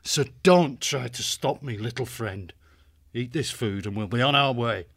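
A solemn young badger warrior. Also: male voice, medium pitch, measured pace, gravelly, a bit bright, slightly rough, heavily acted. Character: young male badger warrior, grave and protective. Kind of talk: full-cast audiobook acting.

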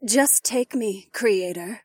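A man's voice: sits high, slow, slightly rough, no echo, pitched above the performer's own voice, full character voice. A man voicing an eager female android lover who speaks in a stilted, formal way without contractions, in an adult audio story. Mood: breathless.

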